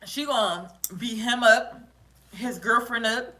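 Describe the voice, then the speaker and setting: A woman co-hosting a casual chat, spinning a wildly exaggerated story with lots of laughter. Her voice is bright and forceful, pitched a bit high. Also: takes it slowly. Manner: animated, laughing, dramatic exaggeration.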